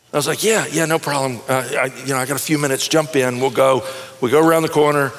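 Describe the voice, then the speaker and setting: A middle-aged man preaching a sermon in a conversational, animated way, telling stories and often repeating words as he starts a phrase. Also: mid-range voice, quick pace, in a large hall. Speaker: pastor. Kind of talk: sermon with storytelling.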